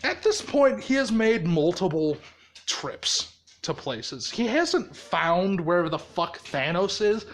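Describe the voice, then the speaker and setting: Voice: medium pitch, sing-song, slow pace. A storyteller improvising a story in a casual way, laughing often and swearing heavily.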